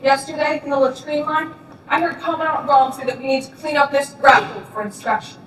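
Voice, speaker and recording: A woman with a high voice speaks sarcastically and mockingly in a stage play. She is picked up from far off in a large theatre, and her voice carries a long reverberant tail. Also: steady tone, a little fast, a little hiss or hum. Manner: sarcastic, mocking, flares into shouting. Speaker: stage actor playing a camp prisoner. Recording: roomy distant stage recording.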